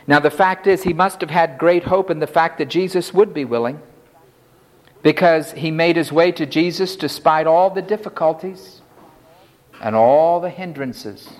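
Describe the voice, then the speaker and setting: A man's voice: a little high, moderate pace. A man preaching an expository sermon with dramatic emphasis, acting out the pleas of the figures in the text. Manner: dramatic, voices the leper's pleas.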